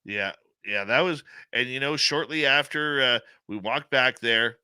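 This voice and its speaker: A man hosting a radio talk show, telling stories in a lively, chatty way. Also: mid-range voice, a little slow, clean tone, no room sound. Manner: animated storyteller, laughs easily. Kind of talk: casual radio talk, storytelling.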